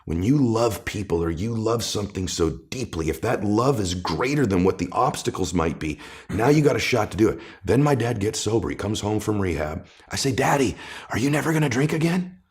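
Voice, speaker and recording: A man, a guest author, talking in a conversational storytelling way with emphatic, punchy repetition, turning quiet and emotional when he recalls family. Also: lowish voice, animated, brisk.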